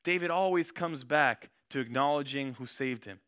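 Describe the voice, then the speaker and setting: A man's voice: mid-range voice, moderate pace, a bit bright, smooth. A young man giving a casual sermon, slangy and conversational, reading scripture with rising intensity.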